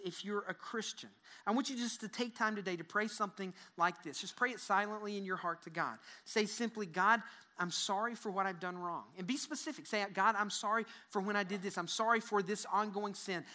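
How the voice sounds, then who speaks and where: Bright-voiced earnest pastor preaching. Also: medium pitch. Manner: earnest direct address, repeats words, leads the listeners in prayer. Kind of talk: sermon to a live congregation. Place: church service.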